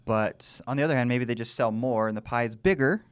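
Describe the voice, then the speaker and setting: A man's voice: mid-range voice, a little fast, smooth, dry recording. A man co-hosting a casual podcast, easygoing and agreeable. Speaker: podcast co-host. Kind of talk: casual chat.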